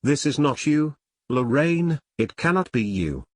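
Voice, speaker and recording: A man voicing a terrified young woman who begs slowly for mercy, for an audiobook of an old novel. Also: on the high side, sing-song, no echo, studio quality. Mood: terrified pleading.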